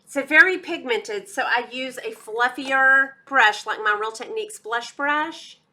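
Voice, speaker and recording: Texan lady doing a chatty makeup review, kinda high bright voice, lots of y'all. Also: measured pace. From Texas. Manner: chatty and enthusiastic, addresses viewers as y'all. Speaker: beauty vlogger. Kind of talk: casual product review.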